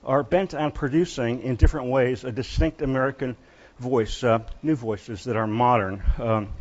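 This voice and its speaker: A male professor of literature lectures at a university, stopping often and starting his sentences over. The pitch of his voice is ordinary and mid-range, a little mellow, while the lecture-hall recording sounds somewhat dull and muffled.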